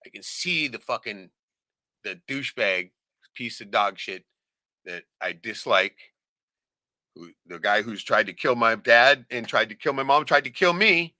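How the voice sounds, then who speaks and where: An animated man telling a story on his podcast, cursing freely and tagging "right?" onto nearly every line. His voice is bright and forward, with a lively, swooping pitch, and it sounds dry and close to the mic. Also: unhurried, dry recording. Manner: profane, animated, keeps asking "right?"; acts out quoted voices, shouting them. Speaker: podcast host. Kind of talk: casual storytelling chat.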